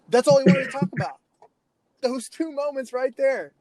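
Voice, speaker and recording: A man's voice: very high-pitched, normal speed, over a noisy crowd, rough recording. A man who coaches youth sports, telling stories as a podcast guest and acting out the kids he quotes. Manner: animated anecdotes, acts out quoted kids. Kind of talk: storytelling in a casual interview.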